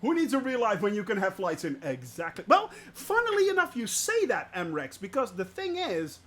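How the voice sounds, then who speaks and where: A man streaming a flight game live, loud and jokey, laughing at his own puns and greeting viewers by name. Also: sits high, wildly swooping pitch, moderate pace. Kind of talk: live gameplay commentary.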